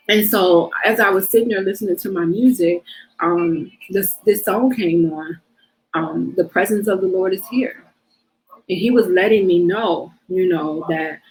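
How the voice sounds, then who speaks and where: A woman's voice: mid-range voice, rough recording. A middle-aged woman hosting her own show, telling a personal testimony of faith in a casual, emotional way, with lots of "you know". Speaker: host sharing her testimony.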